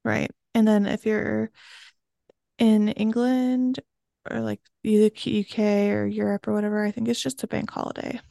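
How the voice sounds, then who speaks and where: A woman's voice: medium pitch, little pitch movement, measured pace, creaky, mellow, dry recording, clean studio sound. A woman who grew up in Georgia and southern Maryland, co-hosting a podcast with playful, joking banter. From Georgia and southern Maryland, USA. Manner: playful, jokey, presents the research. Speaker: podcast co-host. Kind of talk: casual chat.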